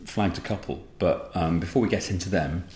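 A man's voice: sits low, a little fast, a little mellow, roomy sound, a little hiss or hum. A sleep-deprived man co-hosting a podcast in rambling, self-deprecating casual chat. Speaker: podcast co-host.

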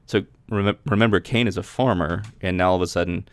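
Reading scripture and then chatting about it, this male podcast host restarts frequently. He speaks quickly in a low, clear, resonant voice with no room sound.

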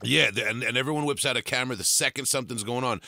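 A man's voice: mid-range voice, very fast, gravelly, pushed and bright, no room sound, studio quality. A man hosting a podcast, asking laid-back questions with frequent restarts. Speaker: podcast host. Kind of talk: casual interview.

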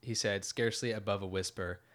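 A man's voice: on the low side, fairly even intonation, a little fast, fairly bright tone. A man in casual conversation, retelling a story with fillers and reflecting on its meaning. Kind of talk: casual faith discussion.

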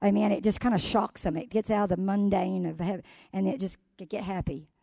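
An older woman delivering a sermon as guest preacher, with fervent, repetitive exhortation that swings from hushed to loud. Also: medium pitch, fairly even intonation, brisk, gravelly, no room sound, studio quality.

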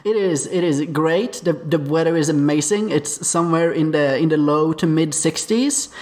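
A man's voice: a little high, moderate pace, a little mellow. A man hosting a podcast, chatting casually and telling stories in a rambling way with many restarts. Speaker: podcast host. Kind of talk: casual chat. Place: Arizona.

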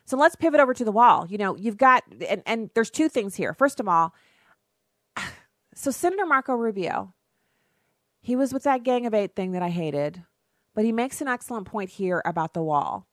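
A woman's voice: mid-range voice, animated, normal speed, no room sound, clean studio sound. A woman hosting a political talk radio show, delivering a sarcastic, opinionated monologue.

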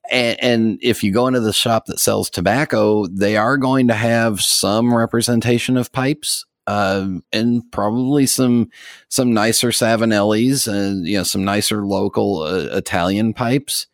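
A deep-voiced American man talks through a casual podcast conversation. He rambles comfortably, with many fillers and small laughs. The sound is dry and close. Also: measured pace, dry recording. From United States. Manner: relaxed and rambling, with frequent fillers and soft laughs. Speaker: podcast host. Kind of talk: casual chat.

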